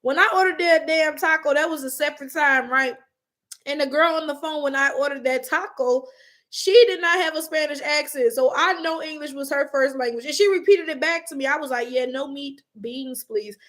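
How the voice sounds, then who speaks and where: Young female streamer, slightly high voice, swears freely, animated stories and chat reading. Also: a little fast. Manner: animated, profane storytelling. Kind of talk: casual live-stream chat.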